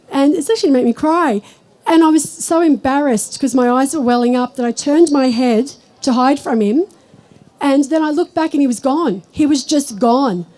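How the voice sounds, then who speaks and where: A woman giving a live spiritual talk to an audience, chatty and storytelling, slowing down when she speaks of God. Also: high voice, dark tone, poor audio. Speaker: spiritual teacher.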